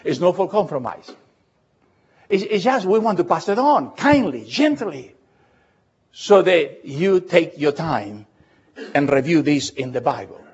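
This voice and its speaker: A man preaching a sermon as pastor, emphatic, repeating words and slowing down to read scripture aloud. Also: fairly high pitch, very animated, darkish tone, husky. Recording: dull lo-fi recording.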